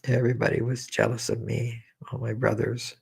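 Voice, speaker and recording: A man leading a guided meditation, speaking slowly and repetitively as he coaxes listeners through feelings and shares his own memories. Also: medium pitch, flat delivery, vocal fry, husky. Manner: slow, repetitive, gently coaxing with personal memories. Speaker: meditation teacher.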